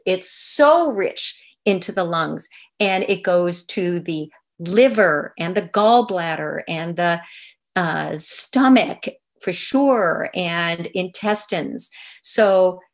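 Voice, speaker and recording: An older woman giving an online lecture over slides, explaining in a soft, unhurried way. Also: on the low side, animated. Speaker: movement teacher.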